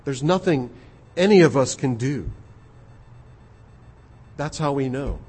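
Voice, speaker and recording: A man preaching an expository sermon, earnest and measured, often repeating his words. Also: medium pitch, expressive, darkish tone, slightly rough. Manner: earnest, measured, with frequent repetitions.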